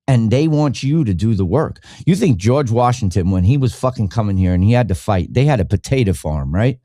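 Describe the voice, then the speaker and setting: Brief: man, podcast host, fired-up profane rant, lively swinging pitch, dry close mic. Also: no room sound. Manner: heated, profane, animated. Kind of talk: ranting solo podcast talk.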